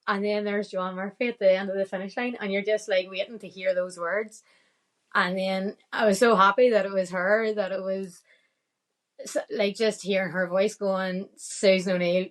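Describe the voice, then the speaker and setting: Telling a story in a relaxed way on a podcast, a Northern Irish guest with a mid-range voice laughs frequently and voices her own inner thoughts as she goes.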